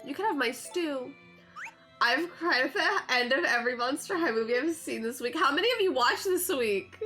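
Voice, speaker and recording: A woman's voice: sits high, lively intonation, moderate pace, sharp tone, faint music behind. A young woman streaming a farming game, chatting in an emotional, gushing way full of "like"s. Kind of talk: casual game-stream chat.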